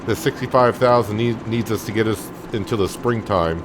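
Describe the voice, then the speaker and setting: Male gaming host, lowish voice, easygoing let's-play commentary, faint game noise behind. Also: normal speed. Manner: relaxed, thinking aloud with many fillers.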